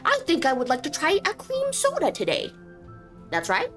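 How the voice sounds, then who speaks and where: A woman playing a spoiled rich lady barking orders at her butler, haughty and demanding. The voice sits fairly high and is delivered as a silly, stream-side bit over faint game music. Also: wildly swooping pitch, moderate pace, fairly bright tone, heavily acted. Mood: bossy.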